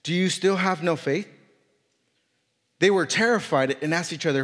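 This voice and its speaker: High-voiced preacher with an accent in a reverberant hall. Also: male voice, moderate pace, long pauses, a bit bright. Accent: non-native English. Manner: reads scripture aloud, then preaches with repetition and rising emphasis; jokes self-consciously about his accent. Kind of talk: sermon. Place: church hall.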